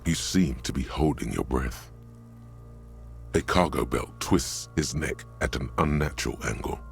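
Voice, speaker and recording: An actor voicing a grave male narrator in a video game, describing things slowly and vividly. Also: a bass voice, gravelly, faint music behind, heavily acted. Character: ominous male narrator inside the hero's head.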